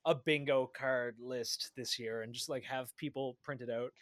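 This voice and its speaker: A man's voice: mid-range voice, steady tone, moderate pace, fairly bright tone, no echo, studio quality. A man hosting a podcast, talking in an easygoing, wry way. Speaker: podcast host. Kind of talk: casual chat.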